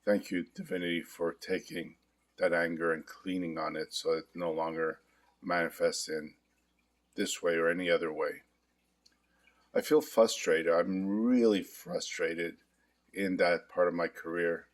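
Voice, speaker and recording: Very deep, flat-voiced man guiding tapping. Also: unhurried. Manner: calm, confessional, repetitive affirmations. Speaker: hypnotherapist demonstrating tapping. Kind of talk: guided self-help demonstration.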